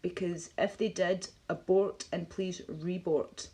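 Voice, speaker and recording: A woman's voice: on the low side, fairly even intonation, slow, warm tone. A Scottish woman on a live stream, rambling bluntly between topics and swearing often.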